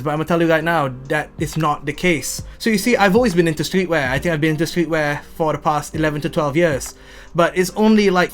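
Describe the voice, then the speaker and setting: A young man, telling heartfelt, rambling stories about his sneaker collection and often stumbling and restarting. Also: a little high. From Malaysia. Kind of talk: heartfelt rambling storytelling to camera.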